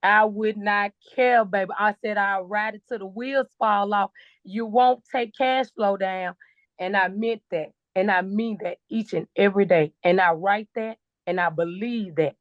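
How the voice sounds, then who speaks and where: A woman's voice: medium pitch, unhurried, dry recording. A woman co-host giving a fervent, emphatic testimonial on a video call. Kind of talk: emotional testimonial on a group call. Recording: dull, dry call audio.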